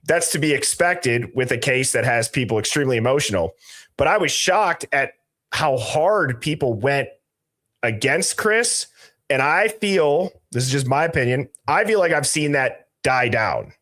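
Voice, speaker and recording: A man's voice: medium pitch, lively intonation, a little slow, fairly bright tone. A man hosting a casual live stream, reading out viewer names from the chat with loose, jokey asides. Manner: greets viewers by reading chat usernames aloud. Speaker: livestream host.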